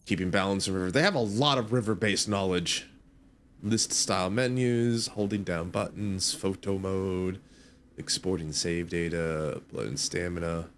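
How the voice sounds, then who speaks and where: A young male streamer giving casual commentary on his first playthrough in a sleepy, relaxed, rambling way, full of fillers. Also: sits low, normal speed, slight background noise. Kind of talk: casual let's-play commentary.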